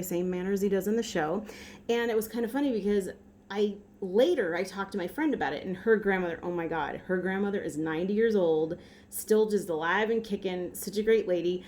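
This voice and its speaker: A woman from Western Massachusetts chatting to her camera in a loose, meandering way. She wanders into tangents and side remarks, with a medium-pitched voice and a faint hum of room noise behind her. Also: mellow. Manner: rambling, chatty, full of tangents and asides. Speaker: vlogger. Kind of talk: casual chat.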